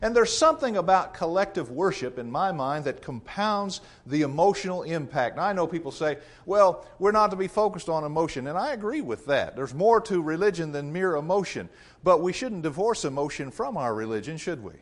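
A man preaching a sermon in an earnest, measured way, repeating phrases for emphasis. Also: fairly high pitch, expressive.

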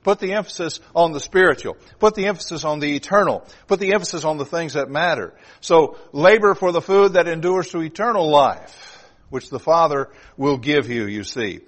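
Man, preaching, emphatic, slightly higher voice. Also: lively intonation, normal speed. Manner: emphatic, rising and dropping for emphasis; asks the congregation direct questions. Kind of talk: sermon.

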